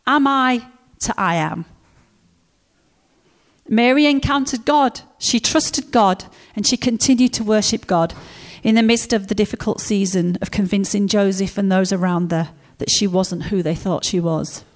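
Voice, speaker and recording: A woman preaching a sermon, telling stories in a lively way and acting out the characters. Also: mid-range voice, unhurried.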